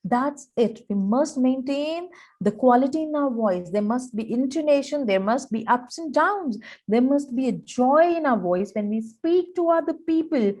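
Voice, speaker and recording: A woman's voice: high-pitched, lively intonation, normal speed, darkish tone. A woman with an Indian accent giving a personality-development webinar lecture, earnest and emphatic, acting out examples in dialogue. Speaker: professor giving a training webinar.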